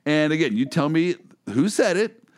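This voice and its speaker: A man hosting a casual chat, an animated storyteller who laughs often and tells stories from his own legal work. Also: on the high side, normal speed. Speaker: host, lawyer.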